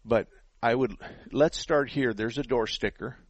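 A man's voice: mid-range voice, unhurried, breathy edge, no echo, highs cut off. A middle-aged man hosting a call-in car repair radio show, giving practical step-by-step advice in a folksy way while slightly out of breath. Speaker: radio show host, auto mechanic. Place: radio studio. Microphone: headset.

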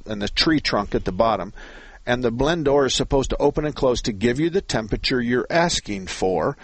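Husky-voiced folksy radio car-repair host. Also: male voice, medium pitch, no room sound. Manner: folksy, joking, rambling explanations. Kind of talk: call-in radio talk.

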